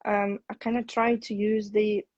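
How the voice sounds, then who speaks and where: A woman English teacher talks through ideas in a measured, thoughtful way. Her voice sits at a middle pitch and comes through a dull, lo-fi recording with no room sound at all. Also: flat delivery, no echo. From outside the UK. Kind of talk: casual conversation on a video chat.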